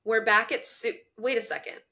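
A woman co-hosting a podcast, chatting casually, reacting quickly and laughing often as she recaps an episode. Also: a little high, fairly even intonation, bright, forceful tone. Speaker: podcast co-host.

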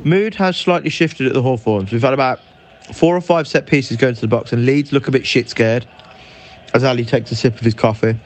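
A man giving lively, animated live match commentary as a fan. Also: medium pitch, brisk. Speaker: podcast co-host. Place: indoors by a fireplace.

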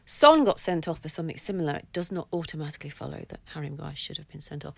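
A woman journalist in a casual podcast chat, brisk and matter-of-fact. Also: sits low, vocal fry, no room sound. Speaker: football journalist.

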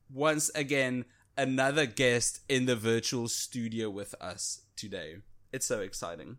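A man co-hosting a casual video game podcast, talking in an excitable, animated way. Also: medium pitch, measured pace. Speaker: podcast co-host. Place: home setup, virtual studio.

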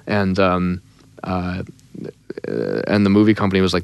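A young man, a songwriter and singer, telling a story in a casual interview, lively and animated, dropping into sung snippets. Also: low-pitched, normal speed, vocal fry, long pauses, smooth, dry recording, clean studio sound. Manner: animated, breaks into sung snippets and acted quotes.

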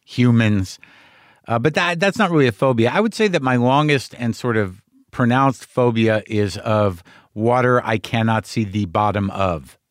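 A man's voice: fairly low pitch, dry recording, clean studio sound. A man hosting a podcast who talks in a candid, rambling way and swears casually. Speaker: podcast host. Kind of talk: casual monologue.

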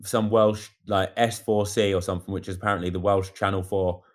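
A man casually telling a lively story about a bike race, acting out what people said. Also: deep voice, a little fast. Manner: animated storyteller acting out quotes. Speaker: amateur cyclist recounting a race. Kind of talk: casual chat.

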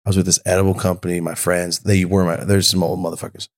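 A man with a fairly low voice tells stories as a podcast guest. He is loose and profane, full of animated energy, and acts out every quote in other people's voices. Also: fast. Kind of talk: casual storytelling.

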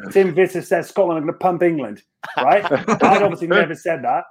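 A man in casual podcast conversation tells a long anecdote about his playing days. His speech is halting and full of restarts, and laughter breaks in as he goes. His voice sits a little high. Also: breathy edge. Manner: halting, many restarts and fillers, laughs while telling. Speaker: professional rugby player, podcast guest. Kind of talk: casual storytelling chat.

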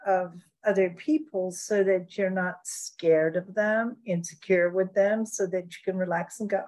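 A woman co-hosting a radio talk show, speaking slowly and reflectively about life. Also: lowish voice, steady tone, darkish tone. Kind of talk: casual radio chat.

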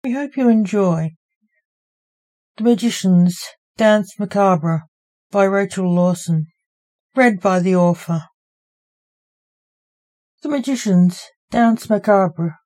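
A woman reading her own story aloud as its author, in an even, unhurried storybook narration. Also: mid-range voice.

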